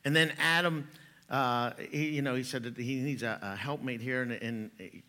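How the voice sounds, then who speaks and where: His voice is mid-range and sharp in tone, at normal speed. This middle-aged pastor jokes around during his sermon, chuckling at his own humor, then turns to scripture.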